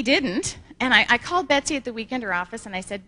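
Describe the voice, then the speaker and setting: A woman with a somewhat high voice gives a motivational talk at a sales conference. She tells folksy anecdotes in a chatty way and clears her throat now and then. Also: expressive, a little fast, hardly any pauses, sharp tone. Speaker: sales manager presenting at a conference. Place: conference hall.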